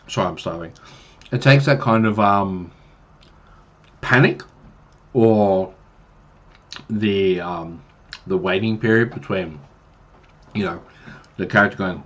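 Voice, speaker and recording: On a livestream, a man rambles through casual, chatty tips for new game masters, using lots of fillers. His voice is lowish with a fairly bright tone, and the stream mic sounds dull and lo-fi.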